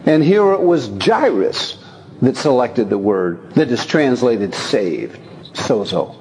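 A man preaching a sermon in a folksy, lively way, chuckling as he talks and reading scripture aloud. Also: mid-range voice, slow pace. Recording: long hall reverb.

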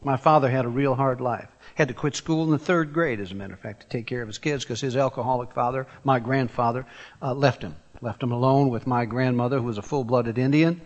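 An older man from Tennessee preaching a sermon, emphatic, firing rhetorical questions and climbing in pitch as he presses a point. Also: brisk, in a large hall, highs cut off. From Tennessee, USA.

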